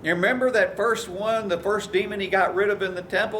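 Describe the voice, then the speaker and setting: A pastor preaches a sermon in a high, steady, fairly bright voice at a fairly quick pace, with a little hiss or hum. He tells stories and acts out the voices he quotes.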